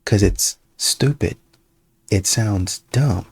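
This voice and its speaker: A man's voice: on the low side, takes it slowly, gravelly, slightly rough, dry recording. A man hosting a reaction video, talking in a casual, conversational way and sometimes putting on voices to quote people. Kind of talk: casual commentary.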